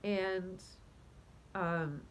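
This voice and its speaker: Woman vlogger, lowish voice, rambling, animated storytelling, faint rumble behind. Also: very slow, low-quality recording. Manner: rambling and animated, many fillers and restarts, with laughs; talks to her cat mid-story. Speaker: vlogger and spiritual coach. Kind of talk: casual storytelling to camera.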